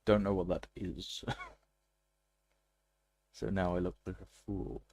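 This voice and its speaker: A man's voice: sits low, little pitch movement, takes it slowly, darkish tone. A man streaming a game, chatting casually and laughing often. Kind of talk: casual gaming commentary.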